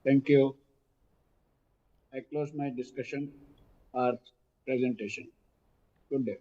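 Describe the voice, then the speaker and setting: An Indian man speaking as a shareholder over a video call, making measured, formal suggestions. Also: medium pitch, steady tone, warm tone. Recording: dull lo-fi call audio.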